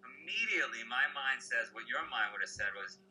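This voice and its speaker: A man's voice: medium pitch, very animated, fairly quick, crowd noise, rough recording. A man speaking as a podcast guest, telling stories with energy and asking rhetorical questions. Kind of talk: casual chat.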